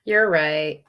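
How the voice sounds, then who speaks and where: A woman's voice: medium pitch, fairly bright tone, slight background noise. A woman hosting a casual movie watch-party stream, chatty and self-deprecating. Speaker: livestream host.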